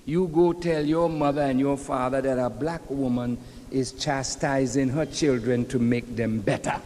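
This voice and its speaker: A man's voice: mid-range voice, fairly even intonation, a little slow, mellow, a little hiss or hum, pitched below the performer's own voice, natural voice. A man voicing a stern, fearless elderly West Indian mother, speaking firmly with a West Indian accent. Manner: firm, scolding, unflinching. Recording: long hall reverb.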